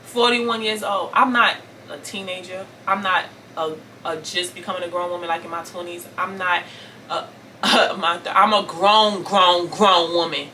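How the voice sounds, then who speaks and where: A woman's voice: on the low side, steady tone, measured pace, sharp tone, distant mic, a little hiss or hum. A woman in her forties telling an emotional personal story to her viewers, earnest and repetitive, often calling them y'all. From Brooklyn, New York. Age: 40s. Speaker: vlogger.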